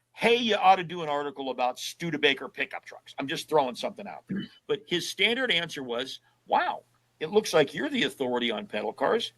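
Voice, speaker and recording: A man's voice: fairly high pitch, sharp tone, rough recording. An older man, a guest in an interview, telling casual stories and acting out both sides of old conversations in a folksy way. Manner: folksy storyteller who acts out both sides of past conversations.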